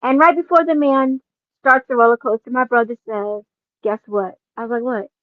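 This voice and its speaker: High-voiced woman telling a story. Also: a little fast, no room sound, narrow, tinny audio. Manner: animated, laughing storyteller. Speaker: podcast host. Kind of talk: casual storytelling.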